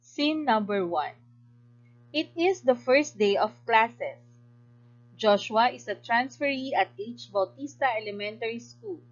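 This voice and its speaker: A woman teacher with a Filipino English accent, giving a recorded grammar lesson in a clear, instructive way and praising answers. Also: fairly high pitch, expressive, measured pace, dull audio.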